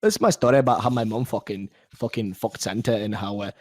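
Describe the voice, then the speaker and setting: A man's voice: lowish voice, fast, dry recording, clean studio sound. A man telling a crude comic story, rambling and swearing constantly.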